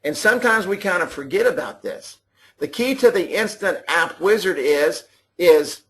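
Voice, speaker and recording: A man's voice: sits high, expressive, normal speed, fairly bright tone. A man giving folksy, repetitive sales training over a live webinar, with clipping audio. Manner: folksy, repetitive, talks to listeners directly. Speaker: sales trainer for a mobile app business.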